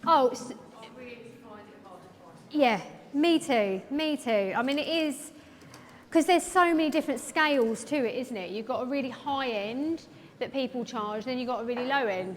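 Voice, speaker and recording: A woman's voice: sits high, normal speed. A woman hairdresser giving a live styling demo, chatty and rambling with lots of fillers, in a large event hall. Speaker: hairdresser educator. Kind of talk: live hair demonstration with chat. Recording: echoey hall with faint background noise.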